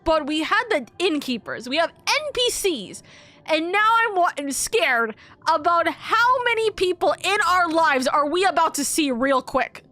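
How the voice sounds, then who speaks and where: A woman's voice: extremely high pitch, very animated, unhurried, pushed and bright. A young woman streamer chatting casually while playing a game; she swears a lot and her voice jumps up when she gets upset. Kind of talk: casual gameplay chat.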